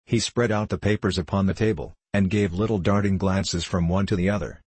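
A man narrating an audiobook in a steady, unhurried storytelling manner. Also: low-pitched, husky, no echo. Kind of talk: scripted narration.

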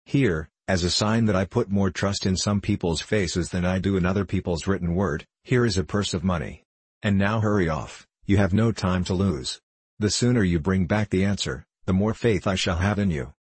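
A man doing a commanding rider who gives brisk orders and tests the boy he sends. the voice is very deep and husky, and it sits dry and close to the mic. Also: darkish tone, no room sound. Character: commanding adult horseman, brisk and testing.

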